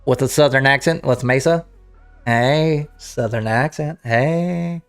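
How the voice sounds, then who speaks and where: A man hosting a casual gaming livestream, talking off the cuff with frequent restarts and throat-clearing. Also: mid-range voice, moderate pace, faint music behind. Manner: rambling, self-interrupting, clears throat. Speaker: livestream host.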